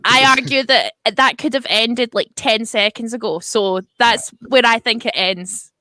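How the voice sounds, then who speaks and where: A woman co-hosts a casual stream, teasing the others and arguing her points. Her voice is high and sharply bright. The sound is dry, with no room echo. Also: unhurried. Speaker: stream co-host. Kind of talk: casual chat.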